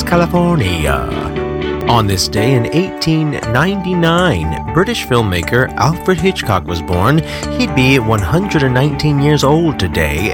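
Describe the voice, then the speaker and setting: A man hosting a community radio show from the studio, reading the opening with jokey, mock-dramatic asides. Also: mid-range voice.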